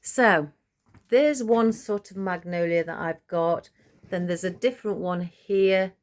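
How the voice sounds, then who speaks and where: A woman florist walks through her vase arrangement in an unhurried, soft-spoken way, filling pauses with ums and letting phrases trail off. Her voice sits a little on the low side for a woman and she takes her time over every word. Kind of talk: casual flower-arranging tutorial.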